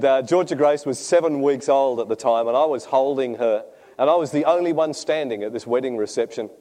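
A man's voice: medium pitch, darkish tone, slight background noise. A man preaching a sermon, telling funny stories and often laughing at his own jokes. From Australia. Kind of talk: sermon with humorous anecdotes.

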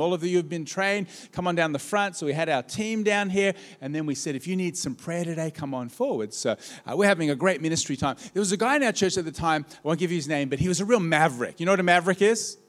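A man preaching a sermon as pastor, telling stories with lively swings and calling out to his congregation. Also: fairly high pitch. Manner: animated storytelling with audience call-outs. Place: church auditorium. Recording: long hall reverb.

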